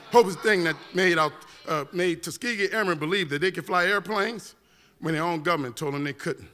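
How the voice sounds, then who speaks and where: Man, high voice, church keynote, passionate, repetitive rhythmic build, humorous asides. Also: sharp tone. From New Orleans, USA. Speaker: guest speaker. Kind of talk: impassioned church keynote speech. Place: church sanctuary. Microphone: standing at a mic.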